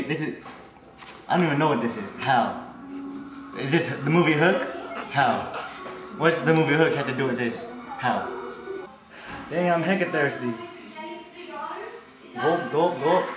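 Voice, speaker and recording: A young man from California, deadpan and incredulous in a comedy sketch. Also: a little high. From Northern California. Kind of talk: comedy sketch, mock self-questioning. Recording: echoey room with clear noise.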